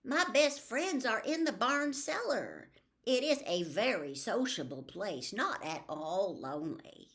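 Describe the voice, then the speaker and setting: A woman voicing an excited little farm girl who talks insistently in a storybook reading. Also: on the high side, slow pace, voice pushed up, exaggerated voice. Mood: eager.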